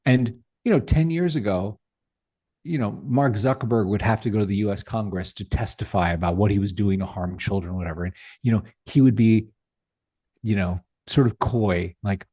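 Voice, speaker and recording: Middle-aged guy on a podcast, fired up and emphatic, husky dark voice. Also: on the low side, normal speed. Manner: passionate, emphatic, rhetorical questions. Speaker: podcast guest, tech founder. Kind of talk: animated interview talk.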